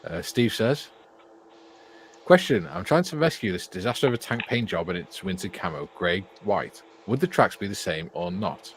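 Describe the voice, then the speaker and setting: A man's voice: sits low, animated, normal speed, slight background noise. Older Welsh man reading chat aloud. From Wales. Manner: jokey, reads viewer comments aloud with laughs. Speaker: co-host reading live chat. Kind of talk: casual banter on a livestream.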